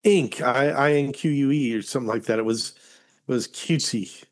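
A man's voice: medium pitch, fairly quick. A man co-hosting a podcast, chatting casually and joking about a comic. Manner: joking, muses aloud. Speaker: podcast co-host. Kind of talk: casual chat.

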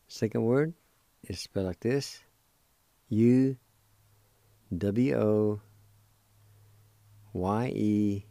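A man with a Cherokee accent teaching vocabulary on a radio show, spelling and pronouncing each word slowly and deliberately, syllable by syllable. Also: on the low side, vocal fry, warm tone, dry recording. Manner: slow, deliberate, drawn-out syllables. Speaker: language teacher.

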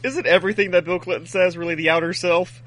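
A man's voice: sits high, fairly even intonation, quick pace, fairly bright tone, poor audio. A man co-hosting a podcast in casual chat, making wry jokes. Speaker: podcast co-host.

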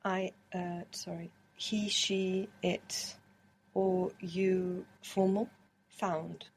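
A woman's voice: on the low side, flat delivery, drawn-out words, breathy edge. A woman student giving short, hesitant answers in a language lesson.

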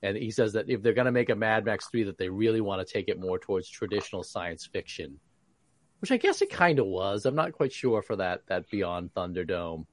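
A man co-hosting a podcast, talking in an animated way with many restarts. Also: lowish voice, a little fast, no room sound. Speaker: podcast co-host. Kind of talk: casual chat.

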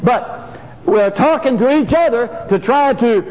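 An older male pastor, animated and a little slow, preaches a sermon in a church sanctuary. His high voice rises and falls freely, and he hammers key phrases by repeating them. The sound is lo-fi and dull with a long trailing reverb.

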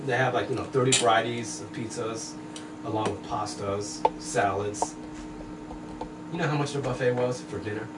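A man's voice: mid-range voice, normal speed, recorded from a distance. A man from California chatting casually as a guest, telling a story with lots of fillers. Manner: animated storyteller, many fillers, laughs easily. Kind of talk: casual chat. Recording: roomy, off-mic with background noise.

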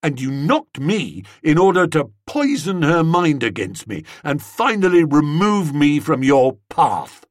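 A man's voice: on the high side, sing-song, measured pace, few pauses, no echo, studio quality. Man voicing Tuppy, a jealous accusing gent. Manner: hotly accusing, snorting. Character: indignant jealous young English gentleman. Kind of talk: audiobook character voice.

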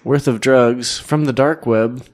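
A man's voice: medium pitch, steady tone, measured pace, a little mellow. A man co-hosting a casual comedy podcast, crude and joking, rambling through restarts. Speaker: podcast co-host.

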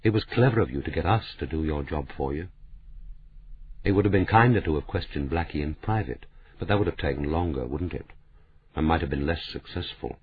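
A man voicing a soft-spoken, mocking middle-aged man, as a narrator reading a novel aloud. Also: rumbling low, brisk, slight background noise. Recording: tinny phone-like sound.

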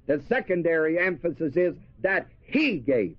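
A man's voice: a little high, sing-song, normal speed, hardly any pauses, no echo. A man preaching a sermon, asking his listeners questions and repeating key words for emphasis. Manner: asks the audience questions and answers them. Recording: dry, dull lo-fi recording.

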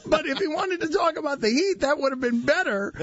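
A man in his forties hosting a sports talk radio show, animated and needling. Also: very high-pitched, fairly quick, dull audio. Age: 40s. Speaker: radio host.

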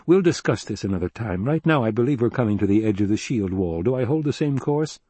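A man voicing a grim, commanding male duke in an audiobook, measured and pressing. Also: on the low side, animated, dark tone, husky, dry recording. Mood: firm, probing. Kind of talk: audiobook character reading.

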